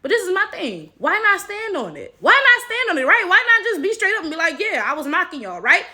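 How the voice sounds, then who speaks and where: A woman's voice: extremely high pitch, sing-song, a little fast, sharp tone. A woman hosting reaction commentary, emphatic and sarcastic, tagging points with questions. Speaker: commentary channel host.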